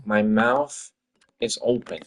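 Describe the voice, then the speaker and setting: A man's voice: on the low side, level tone, takes it slowly. A man streaming his game-development work, talking to himself in an exasperated, swearing rant. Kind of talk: livestream commentary while working.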